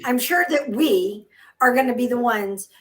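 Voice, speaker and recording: Woman co-host in her fifties, fairly high voice, lively storyteller in casual chat, laughs a lot. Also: a little slow. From United States. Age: 50s. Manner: animated storyteller, laughs often.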